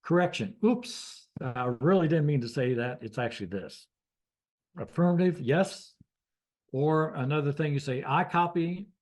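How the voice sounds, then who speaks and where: A man teaching a basic radio class, talking through it with many pauses, fillers and restarts. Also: fairly high pitch, expressive, darkish tone. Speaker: radio training instructor. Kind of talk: classroom lecture.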